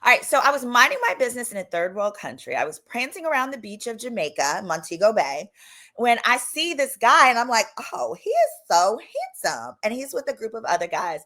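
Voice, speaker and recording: Lady lawyer with a big accent telling a story, super lively up and down, bright voice. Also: on the high side, brisk. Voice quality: strong accent. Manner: chatty, animated, slips into voices to act out dialogue. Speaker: attorney and channel host. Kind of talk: casual storytime vlog.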